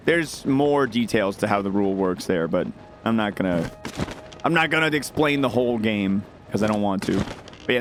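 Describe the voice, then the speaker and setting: A young adult man streaming a game, chatting casually and rambling as he answers his chat. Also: on the low side. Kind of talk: casual live-stream chat while gaming. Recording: background noise with mouse clicks.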